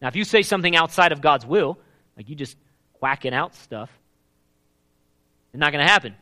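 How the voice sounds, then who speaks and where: A pastor preaching a live sermon, animated and emphatic, often checking in with the congregation. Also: male voice, fairly high pitch, moderate pace.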